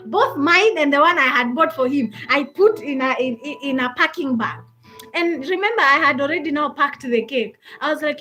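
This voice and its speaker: A Kenyan woman hosting a live talk, telling a personal story in an animated way and often breaking into laughter. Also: high voice, normal speed, faint music behind, low-quality recording. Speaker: host.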